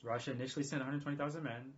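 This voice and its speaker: A man talking casually on a livestream in a rambling, profane, excitable way. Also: medium pitch, racing, slight background noise. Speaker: streamer. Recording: dull lo-fi stream audio.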